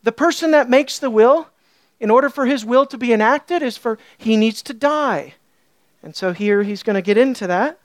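A woman's voice: expressive, moderate pace, no echo, studio quality. A woman preaching a sermon, emphatic and questioning her listeners, her voice rising when she stresses a point. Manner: emphatic, asks the audience questions; rises loud and high when stressing points.

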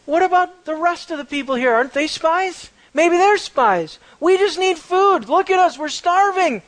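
A man's voice: expressive, moderate pace, fairly bright tone, low-quality recording. A man voicing a panicked, starving adult brother who pleads desperately and indignantly. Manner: high-pitched, desperate, indignant.

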